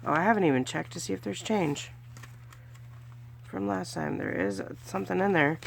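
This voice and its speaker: Woman, very gravelly voice, casual budgeting vlog, counts cash aloud, faint background noise. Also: fairly low pitch, moderate pace. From California, US. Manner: chatty, counting money aloud with little cheers. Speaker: budgeting vlogger. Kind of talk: casual narration while doing cash challenges.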